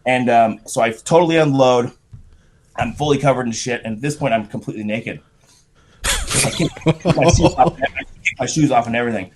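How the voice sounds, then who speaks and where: A man's voice: mid-range voice, fairly quick, long pauses, background noise. Profane man telling a wild story. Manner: profane, animated anecdote with shouted quotes. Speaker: podcast guest. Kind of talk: casual storytelling.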